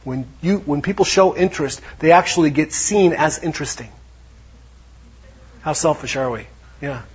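A man preaching a lively sermon, acting out little quotes as he goes. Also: fairly high pitch, moderate pace, slightly rough. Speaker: pastor. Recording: dull lo-fi sound.

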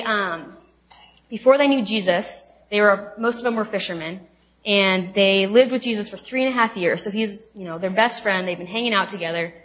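A woman's voice: mid-range voice, a bit bright. A young woman giving a casual teaching talk on a Bible passage, chatty and informal, with many fillers and playful retellings. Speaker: speaker at a college ministry talk.

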